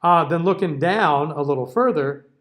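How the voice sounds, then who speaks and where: Man, higher voice, diction teacher, classroom lecture, sings example words. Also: animated, moderate pace, fairly bright tone. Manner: explanatory, checks in often with okay.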